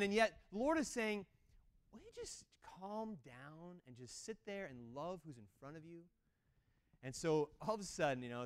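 A man telling a faith testimony as an animated story with self-deprecating humor, swinging between loud exclamations and quiet asides. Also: mid-range voice. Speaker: speaker sharing a mission testimony. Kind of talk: storytelling talk.

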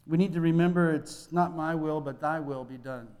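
A man's voice: a little high, normal speed, darkish tone, in a large hall. A male pastor preaching a sermon in a conversational way, acting out little dialogues.

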